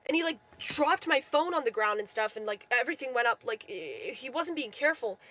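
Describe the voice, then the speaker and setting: A young woman calling into a livestream, telling an animated story and acting out the people in it. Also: fairly high pitch, fairly quick. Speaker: caller. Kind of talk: casual chat. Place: remote call into a livestream. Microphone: call audio.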